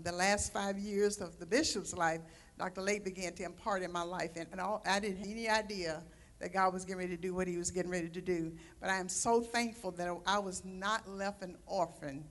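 A woman's voice: mid-range voice, a bit bright. A woman giving a fervent testimonial introduction in a church, with frequent amens, before welcoming the guest preacher. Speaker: church minister introducing the speaker. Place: church sanctuary.

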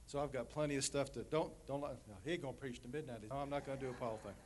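A man's voice: mid-range voice, racing. Male guest preacher opening a sermon in an easygoing way, with slight room noise behind. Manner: relaxed, joking asides to the congregation. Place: church sanctuary.

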